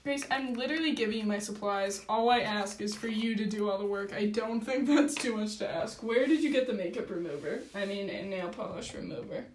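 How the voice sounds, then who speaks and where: A woman's voice: mid-range voice, a little fast, few pauses, a little hiss or hum. A young woman co-hosting a casual podcast chat, playful and teasing with frequent giggles. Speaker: podcast co-host. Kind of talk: casual chat while doing nails.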